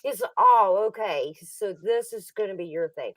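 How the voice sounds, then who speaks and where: A woman's voice: mid-range voice, animated, moderate pace, a bit bright, dry recording, far from the mic, low-quality recording. A middle-aged woman hosting a livestream, telling a family story in casual chat and laughing often. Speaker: livestream host.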